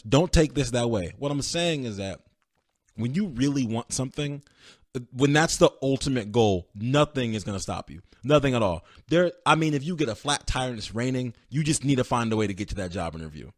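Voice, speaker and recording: A man hosting a podcast, telling a movie plot in an excited, animated way and acting out the characters' lines. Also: medium pitch, fairly quick, no room sound, studio quality. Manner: excited, animated storytelling with voiced quotes. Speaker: podcast host. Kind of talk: casual solo movie review.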